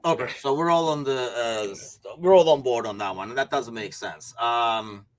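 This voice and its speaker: A man's voice: medium pitch, normal speed. A man hosting a casual sports podcast, rambling and laughing easily between points. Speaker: podcast host.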